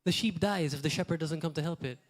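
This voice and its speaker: Moving at a quick pace, a Maltese man preaches a sermon in a plain, conversational style. His voice is a little high for a man, and he repeats key phrases while slipping in short asides.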